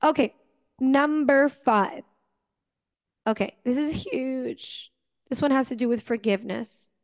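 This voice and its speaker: A woman's voice: high-pitched, slow, in a large hall. A young adult woman hosting a podcast, telling a personal story to her listeners in an earnest, emotional way, with many fillers. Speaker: podcast host.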